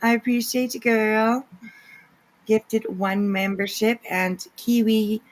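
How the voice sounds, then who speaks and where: A woman's voice: a little high, little pitch movement, slow, rough recording. A woman hosting a casual livestream, greeting chatters by name with giggly asides. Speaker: livestream host. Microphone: no camera, voice only.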